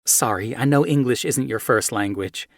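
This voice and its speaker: A man's voice: medium pitch, moderate pace, creaky, no room sound, clean studio sound. A man voicing a cheerful, chatty young American woman journalist with an American accent. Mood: bubbly.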